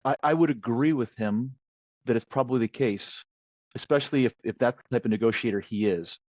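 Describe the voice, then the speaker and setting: Male podcast guest, lively storyteller, medium pitch, lo-fi dry recording. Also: a little fast, no echo. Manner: lively storyteller who acts out quoted voices. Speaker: sales negotiation guest. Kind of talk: conversational podcast interview. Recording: dull, slightly lo-fi dry sound.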